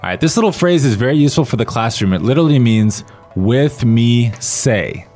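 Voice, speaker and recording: Male lesson-podcast host, animated, friendly. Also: mid-range voice, rapid-fire, soft background music. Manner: friendly, explanatory.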